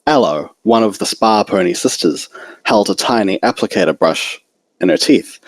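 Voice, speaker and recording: A man's voice: on the low side, very animated, normal speed, no echo, rough recording. A man reading a fan-written story aloud, unedited, now and then stumbling, restarting a phrase, or dropping a casual aside. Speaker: fanfiction reader.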